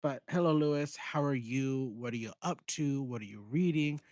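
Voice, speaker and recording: A man's voice: medium pitch, normal speed, a little mellow, no echo. A man co-hosting a podcast in casual chat, rambling and self-deprecating. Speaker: podcast co-host.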